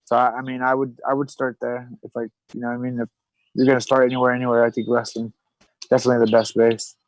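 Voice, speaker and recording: A man's voice: medium pitch, level tone, fast, low-quality recording. A man in his thirties, a podcast guest, telling stories in a loose, rambling way full of fillers and restarts. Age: 30s. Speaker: podcast guest, retired pro fighter. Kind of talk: casual chat.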